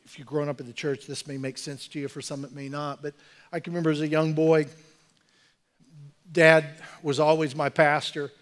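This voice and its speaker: A man preaching a sermon as pastor in a church, talking earnestly and conversationally, building to forceful exhortation. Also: on the high side, little pitch movement, moderate pace. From Oklahoma, USA. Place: church sanctuary.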